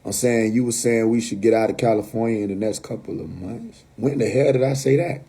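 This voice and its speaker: A man's voice: medium pitch, fairly quick, dark tone, a little hiss or hum. A man with a New York accent, ranting casually and bluntly on a phone livestream from home, cursing and laughing between points. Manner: blunt, profane, laughing asides. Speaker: livestream host.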